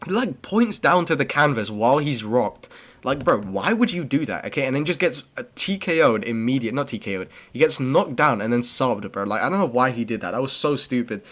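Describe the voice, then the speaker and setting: A man's voice: mid-range voice, animated, brisk, fairly bright tone. Rambling young man tossing out "bro". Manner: rambling, slangy, says "bro" and "okay" constantly; blunt and opinionated. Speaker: MMA commentary channel host. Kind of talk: casual recap commentary.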